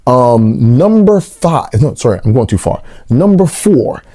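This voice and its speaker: Joking man with a warm voice. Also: measured pace, no room sound. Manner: animated, joking, big pitch jumps for punchlines; rambling with restarts and asides. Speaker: movie reviewer. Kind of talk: comedic movie review vlog.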